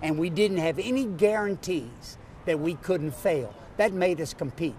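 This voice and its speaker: A man in his sixties with a Louisiana Southern accent, a political candidate giving an emphatic campaign pitch in an interview, driving home his points with repeated lists. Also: a little slow, darkish tone, a little hiss or hum. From North Louisiana, USA. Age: 60s. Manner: emphatic, repetitive rhetorical lists.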